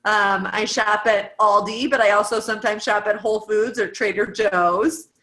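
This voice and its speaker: A chatty woman in her thirties from the United States talks through a coaching worksheet, firing off one question after another. Her voice is bright and forward, and her talk is loose and informal, full of "um" and "like". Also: medium pitch, steady tone, moderate pace, poor audio. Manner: chatty, lots of "um" and "like", asks lists of questions. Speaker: guest speaker coaching fitness coaches.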